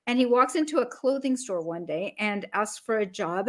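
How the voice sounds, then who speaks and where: A woman business coach talking as a podcast guest, energetic and emphatic, acting out little scenes as she explains. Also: a little high, moderate pace, hardly any pauses.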